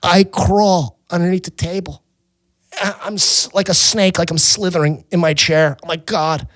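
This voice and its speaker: A man hosting a podcast, telling a story in a casual, animated, swearing and self-mocking way. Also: sits high, normal speed, dry recording. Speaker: podcast host.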